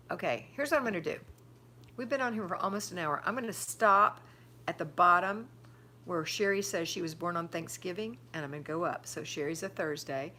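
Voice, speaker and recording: A woman's voice: deep voice, bright, forceful tone, slight background noise. An older woman hosting a live stream, chatting casually, reading out viewer comments and giving firm homemaking advice. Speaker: livestream host answering viewer chat.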